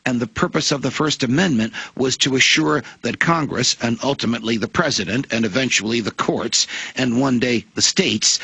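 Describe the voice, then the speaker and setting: A man's voice: medium pitch, gravelly, pushed and bright, husky, dry recording, rough recording. A man, a former judge, speaking as a guest on a radio interview in an oratorical, emphatic way that builds points into long lists. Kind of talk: impassioned radio interview monologue.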